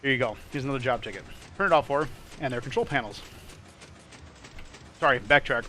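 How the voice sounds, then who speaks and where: A man's voice: mid-range voice, brisk, pushed and bright. A man hosting a gaming session, telling a long story in casual chat, swearing freely and sounding exasperated. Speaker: host of a gaming channel. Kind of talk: casual chat over gameplay.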